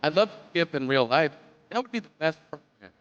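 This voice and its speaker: A man's voice: on the high side, animated, a little fast, a bit bright, slight background noise. A man doing a stand-up comedy monologue in a musing, profane way on a club stage. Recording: dull lo-fi live recording.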